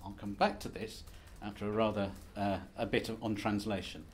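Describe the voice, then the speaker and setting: A man's voice: on the low side, little pitch movement, moderate pace, a little hiss or hum. A man giving a conference presentation as an academic, lecturing in a wry, self-deprecating, conversational way. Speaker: academic speaker.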